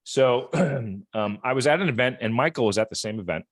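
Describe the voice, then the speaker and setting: Expressive and brisk, this mid-range male voice belongs to a rehab equipment company representative visiting a support group. He tells stories in a sincere, chatty way, frequently repeating words, and the studio recording is clean with no room sound.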